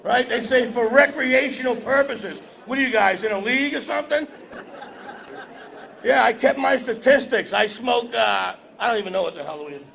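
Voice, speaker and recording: An extremely high, gravelly, fairly bright voice moves at a moderate pace as the comedian teases his live audience in a brash, joking manner. He's at a podium on an event hall stage, in an echoey recording with crowd noise.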